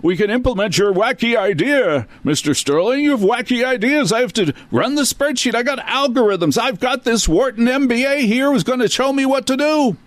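A man's voice: very high voice, expressive, normal speed, hardly any pauses, no room sound, pitched above the performer's own voice. A man voicing a smug, number-crunching male media executive who talks down to people. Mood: mocking.

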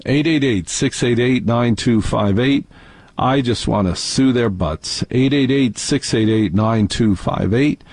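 A man's voice: mid-range voice, measured pace, a little mellow, dry recording. A man hosting a call-in radio show, ranting with indignant sarcasm. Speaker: radio talk show host. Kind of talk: talk radio monologue and call-in.

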